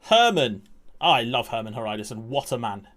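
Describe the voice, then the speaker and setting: A man's voice: mid-range voice, fairly even intonation, brisk, a bit bright. A young man chatting casually to his live-stream chat while slightly out of breath, greeting viewers by name and swearing now and then. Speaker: game streamer.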